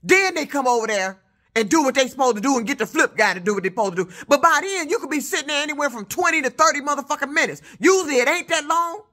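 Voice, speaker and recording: A woman truck driver, telling a heated, profane story in a loud voice. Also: high voice, expressive, quick pace. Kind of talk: casual vlog rant.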